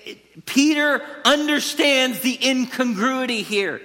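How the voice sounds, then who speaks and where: A man's voice: high voice, normal speed, hardly any pauses, sharp tone. A man preaching an expository sermon in a conversational, emphatic way, turning to the listeners with asides. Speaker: pastor. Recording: long reverb of a large hall.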